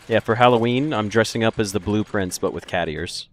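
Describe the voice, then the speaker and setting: Low-voiced joking gaming streamer man. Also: fairly quick, hardly any pauses. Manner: joking, laughs often, reacts to chat. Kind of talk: casual let's-play commentary.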